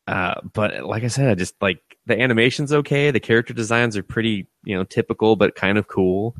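A man's voice: on the low side, brisk, no echo. A man co-hosting an anime podcast, casually retelling episodes with lots of swearing, laughter and quoted character voices. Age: adult with a young son. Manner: profane, laughing, acts out scenes in quoted voices. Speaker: podcast co-host. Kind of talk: casual anime review chat.

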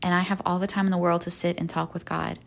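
Earnest woman with a gravelly edge. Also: fairly low pitch, little pitch movement, quick pace. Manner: earnest, folksy, with soft laughs. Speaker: podcast host. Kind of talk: faith podcast monologue.

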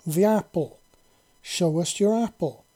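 A man's voice: high voice, takes it slowly, warm tone, pitched above the performer's own voice. A man voicing a fierce female reptilian alien commander who speaks in a commanding, accusing way. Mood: indignant.

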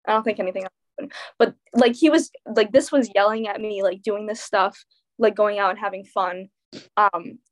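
A woman's voice: mid-range voice, normal speed. A teenage girl telling a dramatic personal story in casual chat, full of fillers and quoted dialogue. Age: teens. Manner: animated storytelling, many fillers. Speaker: teen guest.

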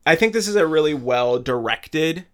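A man's voice: a little high, lively intonation, a bit bright. A man co-hosting a casual podcast, talking with enthusiasm and frequent restarts. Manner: enthusiastic, halting, lots of restarts and "like". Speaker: podcast co-host. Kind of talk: casual chat.

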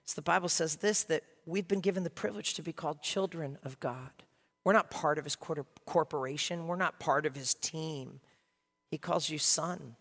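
A male pastor preaching a sermon, passionate and swinging from quiet to loud. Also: fairly high pitch, big-room sound. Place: church sanctuary.

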